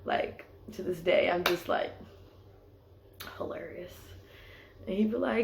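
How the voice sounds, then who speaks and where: A woman's voice: lowish voice, animated, moderate pace, creaky, muffled recording. A young woman casually telling a personal story, filling her sentences with "like". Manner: chatty, leans on "like" as filler. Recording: echoey room.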